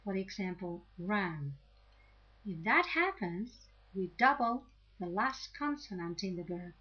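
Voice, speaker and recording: Patient woman teacher, slow and deliberate, lesson voice, slightly muffled recording. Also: mid-range voice, big pitch swings, pushed and bright, husky. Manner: slow, patient, checks in with "okay?". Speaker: English teacher. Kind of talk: grammar lesson to camera. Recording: slightly dull lo-fi audio.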